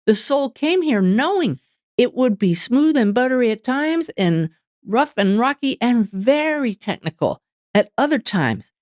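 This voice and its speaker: A woman being interviewed as a medium, telling lively stories and acting out inner dialogue. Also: on the high side, measured pace, dry recording, studio quality. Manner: animated storytelling, voices inner dialogue. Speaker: guest medium. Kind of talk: interview conversation.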